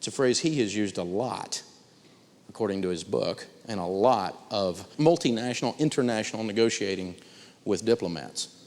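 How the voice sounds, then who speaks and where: Animated man teaching in a reverberant hall. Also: normal speed. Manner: animated storytelling with big pitch swings. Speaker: personal finance teacher. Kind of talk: live seminar lecture.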